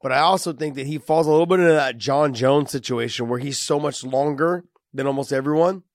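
A man with a cold and a raspy voice, breaking down fights in a casual, emphatic way, often restarting his sentences. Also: a little high, a little fast, no room sound, studio quality. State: has a cold, raspy voice and coughing. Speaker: co-host, fighter analyst.

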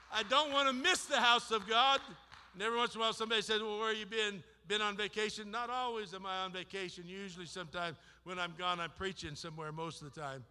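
A man preaching a sermon in a church, impassioned, swinging from shouts to hushed appeals. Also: high-pitched. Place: church sanctuary. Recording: long hall reverb.

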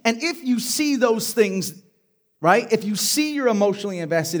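High-voiced man preaching a sermon. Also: lively intonation, moderate pace. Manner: preaching to a congregation, rising to loud emphatic passages. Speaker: pastor. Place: church hall before a live congregation.

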